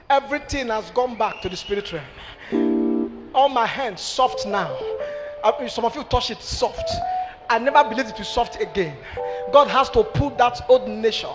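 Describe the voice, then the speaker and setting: Man, preacher, very high voice, long church reverb, music playing underneath, animated preaching. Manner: animated preaching, mixing in pidgin, shouting and chanting. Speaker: pastor. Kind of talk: sermon. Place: large church hall.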